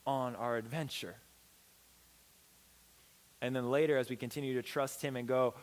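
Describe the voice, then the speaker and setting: Young man, youth pastor, casual sermon, animated storytelling, fairly high voice, long hall reverb. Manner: animated, acts out quoted dialogue with big pitch swings. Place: church hall.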